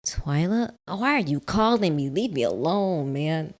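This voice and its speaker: A woman voicing a young heroine in a visual novel, asking high, loud, flustered questions. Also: animated, a little slow. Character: young woman, frantic and exasperated protagonist.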